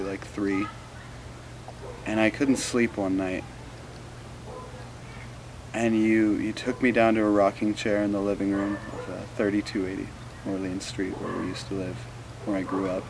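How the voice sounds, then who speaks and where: Son recording a gentle message home; low, flat, even delivery, noisy background. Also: male voice. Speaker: son sharing a memory. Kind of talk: heartfelt message to camera.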